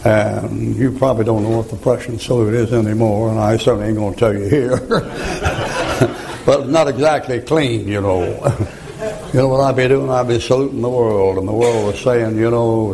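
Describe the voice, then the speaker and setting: A man's voice: mid-range voice, vocal fry, poor audio. An older man preaching a folksy sermon full of stories, chuckling as he talks. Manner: folksy storytelling, chuckling, rising to shouted rhymes.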